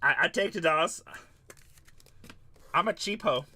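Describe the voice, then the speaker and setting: A man's voice: sits high, animated, unhurried, pushed and bright, slightly rough. A man hosting a live card-breaking stream, tired, chatting loosely and joking back at viewers' comments. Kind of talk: casual livestream chat to viewers.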